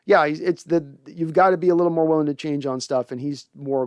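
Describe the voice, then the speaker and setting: Young guy riffing on football, opinionated, kinda high voice, smooth and dry sounding. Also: flat delivery, fairly quick, a little mellow, no room sound. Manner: conversational, opinionated, frequent restarts. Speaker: sports podcast host reading viewer comments. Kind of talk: casual fan commentary.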